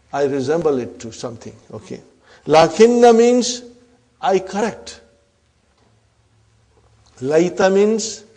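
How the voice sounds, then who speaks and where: A man teaching Arabic grammar in a slow, drawn-out lecture, often checking in with his class. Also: a little high, darkish tone.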